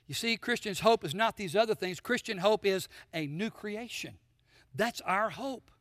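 A man's voice: sits high, lively intonation, normal speed, a bit bright, no echo, big-room sound. A man preaching a sermon, emphatic and full of rhetorical questions to the congregation. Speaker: pastor.

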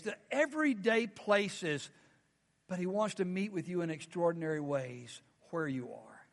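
A man's voice: very high voice, a bit bright, long reverb tail. A man preaching a sermon as a pastor, often asking his congregation questions.

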